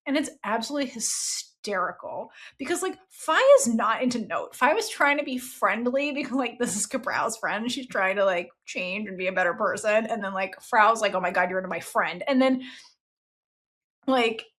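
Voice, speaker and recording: A woman hosting a casual book review podcast, chatty and expressive, swearing freely as she talks. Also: fairly high pitch, moderate pace. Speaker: book club podcast host.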